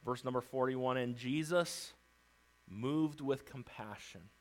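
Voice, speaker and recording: A man preaching a sermon as pastor, emphatic, swinging between loud declarations and hushed lines, acting out pleas. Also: medium pitch, slow pace, rough recording. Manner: acts out Bible characters' pleas.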